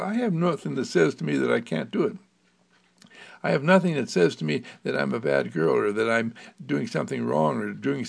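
A man voicing a cheerful, uninhibited ten-year-old girl in a children's story, in a lively sing-song childlike manner. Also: mid-range voice, vocal fry, slightly rough, full character voice. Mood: earnest.

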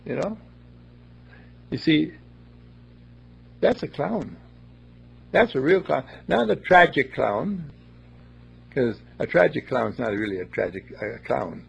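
Raspy man, playful and rambling, lively pitch, lo-fi recording. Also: slow, pauses often. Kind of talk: casual storytelling talk.

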